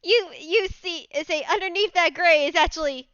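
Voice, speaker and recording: A woman calmly narrating her character's actions in a casual tabletop role-play. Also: extremely high pitch, moderate pace, dry recording. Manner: calm, plain action narration. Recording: dull, dry lo-fi mic.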